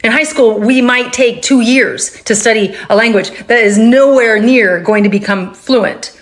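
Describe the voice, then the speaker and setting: Fast, emphatic woman from California. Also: a little high. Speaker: app user speaking to camera. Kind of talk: casual vlog to camera.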